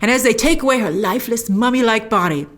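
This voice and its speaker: A woman hosting a casual TV episode review, animated and quick to act out lines from the scenes in put-on voices. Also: fairly high pitch. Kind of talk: casual chat.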